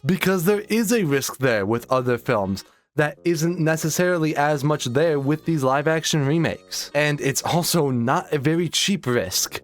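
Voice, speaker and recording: Fired-up young man ranting, faint music. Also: on the high side. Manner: exasperated, profane, sarcastic ranting. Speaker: online film commentator. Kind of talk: ranting video commentary.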